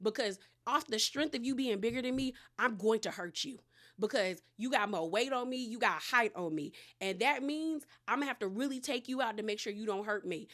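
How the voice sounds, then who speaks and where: A woman's voice: fairly high pitch, brisk, fairly bright tone. A woman hosting a casual recap of a reality show episode, chatty and slangy, retelling scenes as she goes.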